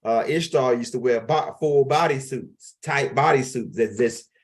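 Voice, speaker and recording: A man's voice: medium pitch, measured pace. Middle-aged male teacher, casual and rambling, plain mid-range voice, lots of restarts. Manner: rambling and street-casual, with frequent restarts and asides. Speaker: teacher of an esoteric class. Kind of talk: loose, casual lecture.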